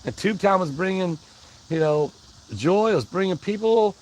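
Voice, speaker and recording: A man's voice: sits high, animated, moderate pace, low-quality recording. A man hosting a casual livestream, rambling in a folksy way and greeting his chat by name. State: out of breath. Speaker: livestream host. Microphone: wireless mic worn on body.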